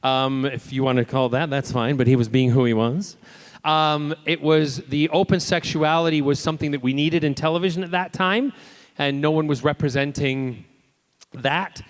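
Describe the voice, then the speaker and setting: Brief: male convention guest, animated storyteller, slightly high voice, acts out quotes. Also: normal speed. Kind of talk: lively anecdotal Q&A storytelling. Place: convention panel room.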